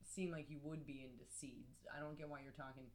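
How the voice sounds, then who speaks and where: A woman's voice: deep voice, fairly even intonation, a little fast, a little mellow. A young woman chatting on a comedy podcast. She talks candidly and with self-deprecating humor, and her thoughts ramble and circle back. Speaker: podcast co-host. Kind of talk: casual comedic chat.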